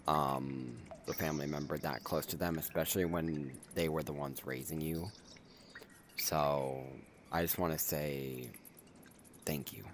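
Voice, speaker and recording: Very deep-voiced young man, holding back tears. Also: slight background noise. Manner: emotional, halting, with sighs and restarts. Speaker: content creator. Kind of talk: personal video update.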